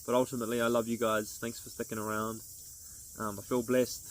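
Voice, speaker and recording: A man's voice: mid-range voice, flat delivery, normal speed, rough recording. A man talking to camera as a vlogger in an earnest, rambling, upbeat way, with restarts. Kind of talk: casual motivational monologue to camera.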